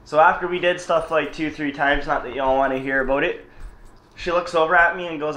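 A man's voice: fairly high pitch, a little fast. A young man casually telling a story to his camera, swearing and laughing as he goes. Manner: laughing, cursing, animated retelling. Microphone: camera mic. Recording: echoey room with faint hiss.

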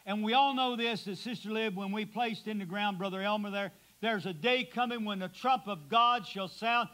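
High, bright-voiced preaching man. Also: normal speed, poor audio. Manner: preaching with dramatic swings from loud to hushed. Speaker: pastor. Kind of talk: sermon. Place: church sanctuary.

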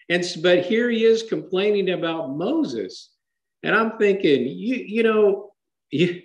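A man's voice: sits high, animated, measured pace, echoey room, rough recording. A man teaching a Bible study in a conversational sermon style, often asking his listeners rhetorical questions and shifting emphasis dramatically.

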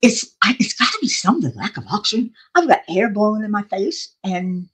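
Husky, chatty older woman. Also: mid-range voice, big pitch swings, a little fast, a bit bright. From South Florida. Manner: chatty, laughs often, self-deprecating. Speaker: craft livestream host. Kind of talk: casual rambling chat.

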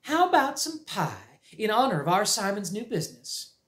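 A man voicing a fussy, teary elderly farm aunt in a high, folksy drawl. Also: very animated, normal speed, fairly bright tone. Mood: indignant. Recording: roomy echo.

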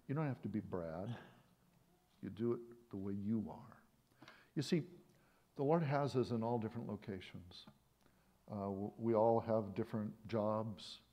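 A male pastor telling a story during a sermon in a conversational, animated way, often restarting his phrases. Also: fairly low pitch.

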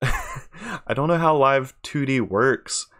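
A woman's voice: very deep voice, big pitch swings, slow. A woman host reacting to clips casually, laughing often and musing aloud. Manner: laughs often, drawling, curious.

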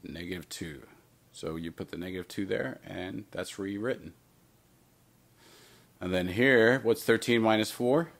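A man with a somewhat low voice teaches a recorded math lesson. He poses questions to himself and answers them as he works. He drops in playful asides along the way. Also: measured pace, vocal fry, pauses often, fairly bright tone. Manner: talks through steps with himself, playful asides.

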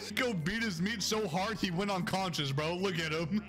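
Loud joking young man streaming. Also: high-pitched, normal speed, music in the background. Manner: loud, joking, laughing, swears a lot. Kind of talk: casual live-stream chat.

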